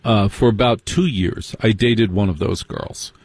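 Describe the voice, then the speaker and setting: A man telling a personal story as stand-up comedy, wry and mocking, slipping into quick impressions of other people. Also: lowish voice, darkish tone, breathy edge.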